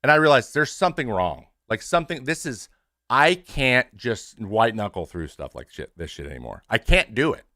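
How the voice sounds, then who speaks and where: A man in his thirties talks openly to his stream audience in a plain, mid-pitched voice. He swears freely and restarts his sentences often. The sound is dry and close, with no room around it. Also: sing-song, normal speed, bright, forceful tone, no echo. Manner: frank and conversational, with restarts and swearing. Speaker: show host, former pitcher. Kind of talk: candid casual talk to a stream audience.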